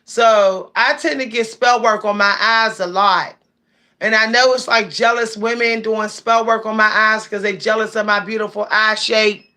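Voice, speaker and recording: A woman's voice: fairly high pitch, steady tone, normal speed, pushed and bright. A woman with hosting a casual livestream, chatting and reading viewer comments aloud. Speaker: livestream host.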